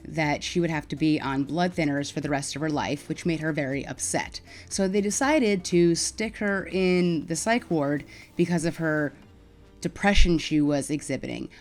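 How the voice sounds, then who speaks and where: Frank New York woman with a lowish voice. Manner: frank and wry, gets loud and heated when retelling arguments. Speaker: mental health advocate vlogger. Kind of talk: casual personal storytelling to camera.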